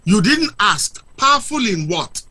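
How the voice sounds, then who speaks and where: Male guest, very bright and high, swooping pitch, lectures with rhetorical questions. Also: big pitch swings, a little slow. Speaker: guest speaker. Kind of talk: impassioned argument on a talk show.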